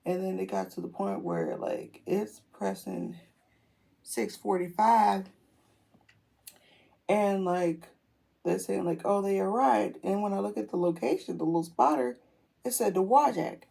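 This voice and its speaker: A young adult woman telling a story casually while doing her makeup, animated and slangy, quoting people as she goes. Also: medium pitch, unhurried, gravelly, pauses often, husky. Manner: animated, slangy retelling with quoted voices. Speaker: beauty vlogger.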